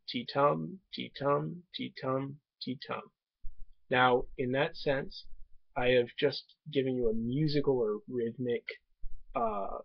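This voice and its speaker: A man teaching a lesson to a webcam, speaking in a measured way with frequent ums and restarts, recorded on a muffled webcam mic. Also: mid-range voice, husky, no echo. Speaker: tutor. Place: indoors at home desk. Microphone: webcam microphone.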